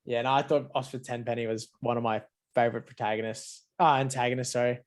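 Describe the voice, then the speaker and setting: A man's voice: mid-range voice, flat delivery, fast talker. A man co-hosting a podcast in laid-back, sweary casual chat, laughing often. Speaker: podcast co-host.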